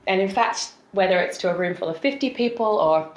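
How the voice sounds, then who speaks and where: Guest, female, soft Australian accent, fluent trainer-actor, roomy audio. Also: medium pitch, brisk. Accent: softened Australian. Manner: articulate, expressive, fluent explainer. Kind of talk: conversational podcast interview. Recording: roomy echo.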